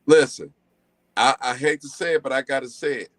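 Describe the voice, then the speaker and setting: A man's voice: mid-range voice, steady tone, a little fast, a bit bright, no room sound. Male guest, casual and emphatic, dry close sound. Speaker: guest on a live stream. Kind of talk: casual chat.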